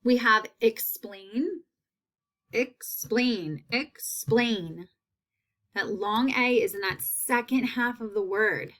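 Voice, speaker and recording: Woman, teacher, phonics lesson, slightly high voice, unhurried, repeats words. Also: bright, forceful tone. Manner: slow, repeats each word clearly.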